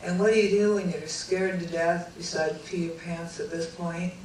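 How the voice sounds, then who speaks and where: A woman's voice: fairly low pitch, normal speed. A woman recounts a dramatic story to an audience, bringing each exchange to life as she tells it. Her voice rings through a very echoey hall, picked up from a distance over a faint hum of ambience. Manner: animated, acts out dialogue with lively voices. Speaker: speaker recounting a near-death experience.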